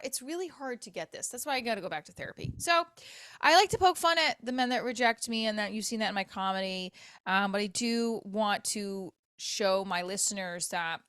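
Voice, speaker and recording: A woman's voice: medium pitch, no room sound. Self-mocking woman podcaster, dry close sound. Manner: rambling, self-mocking, confessional with bursts of loud comic venting. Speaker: podcast host and comedian. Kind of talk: candid personal podcast monologue.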